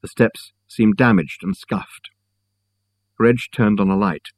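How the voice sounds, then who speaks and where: A man narrating a story with steady, measured storytelling. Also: lowish voice, no echo. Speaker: audiobook narrator. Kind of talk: scripted narration.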